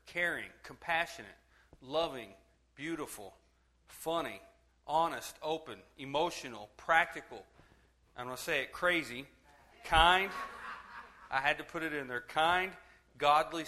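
Bright-voiced joking pastor. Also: male voice, medium pitch. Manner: chatty and joking with the congregation, laughing easily. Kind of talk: sermon with humor. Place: church.

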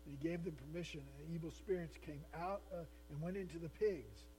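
A man's voice: a little high, brisk, dark tone, a little hiss or hum, poor audio. A male pastor preaching an earnest, emphatic sermon, asking his listeners questions.

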